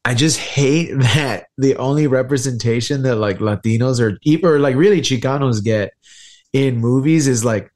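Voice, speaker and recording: A man hosts a casual podcast in an easygoing, loose way. He swears freely and laughs often between his points. His voice sits at an everyday middle pitch. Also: moderate pace, darkish tone. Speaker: podcast host. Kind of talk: casual chat.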